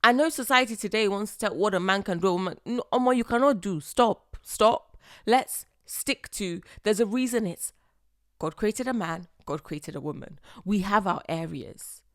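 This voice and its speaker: A young woman, hosting a podcast and giving blunt, animated relationship advice. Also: medium pitch, moderate pace, no echo, studio quality. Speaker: podcast host. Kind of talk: advice monologue.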